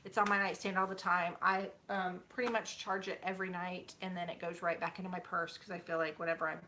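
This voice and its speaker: Chatty woman with a bright voice. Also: fairly low pitch, little pitch movement, fast talker, a little hiss or hum. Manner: chatty, rambling, many fillers. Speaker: YouTuber. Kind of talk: casual chat with viewers. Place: home, sitting on a bed.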